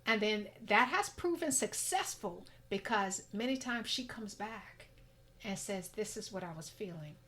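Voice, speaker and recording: A middle-aged woman guest in a casual interview, talkative and reflective, breaking into laughter. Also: measured pace. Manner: talkative, reflective, laughs and pitch jumps when excited.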